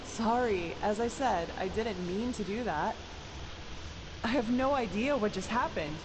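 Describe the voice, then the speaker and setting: An actress voicing a calm, soft-spoken female mage healer in a fantasy game. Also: mid-range voice, a little slow, background noise, close to an everyday voice. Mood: thoughtful. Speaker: game character.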